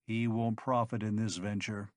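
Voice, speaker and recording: A man's voice: little pitch movement, normal speed, no echo, clean studio sound, lightly acted. A man voicing a big, silent, determined male hero who speaks tersely. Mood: resolute. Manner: low, terse, resolute.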